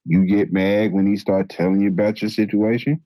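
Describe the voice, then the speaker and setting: A man co-hosting a casual podcast, calmly explaining his opinion in a laid-back way. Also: on the low side, a little fast, dry recording, highs cut off. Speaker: podcast co-host. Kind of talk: casual debate chat.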